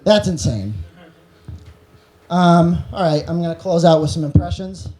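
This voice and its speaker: A man's voice: fairly high pitch, steady tone, a little slow, dark tone. A male stand-up comedian on stage, rambling through absurd bits and laughing at his own jokes.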